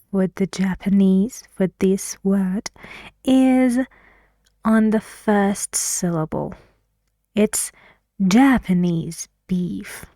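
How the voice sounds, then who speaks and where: Very slow, dark-voiced woman teacher. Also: mid-range voice, no room sound. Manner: patient, asks learners questions. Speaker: English teacher. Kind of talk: video lesson explanation.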